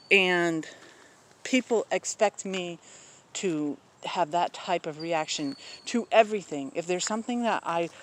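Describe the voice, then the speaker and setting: A man talking casually and candidly about his personal life, rambling with many pauses and blunt asides. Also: high-pitched. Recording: faint outdoor noise with crickets.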